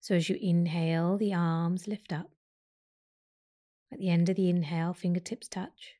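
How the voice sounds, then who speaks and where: Woman yoga teacher, guided breathing meditation, gentle and slow, talks you through each breath. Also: on the low side, steady tone. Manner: slow, gentle guiding instructions.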